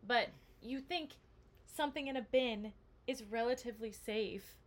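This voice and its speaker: A woman's voice: a little high, a little slow. A woman co-hosting a casual chat, reacting supportively and reading out list points. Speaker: podcast co-host.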